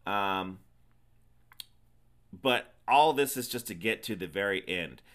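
Forceful, low-voiced man recapping a movie. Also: lively intonation, slow. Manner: teasing, emphatic storyteller. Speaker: podcast co-host. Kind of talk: casual movie recap chat.

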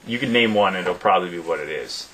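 A man's voice: deep voice, quick pace, fairly bright tone, slightly rough, poor audio. A man casually telling a long, rambling story with lots of fillers, in a chat between friends.

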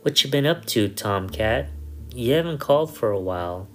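A woman's voice: a bass voice, expressive, moderate pace, soft background music. A man voicing a restless, eager young woman who needles her friends in a storybook reading. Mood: needling.

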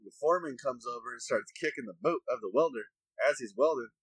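Husky man telling a work story. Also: mid-range voice, fairly quick, no room sound, low-quality recording. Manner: laughs through his own story. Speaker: podcast co-host. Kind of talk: casual storytelling chat.

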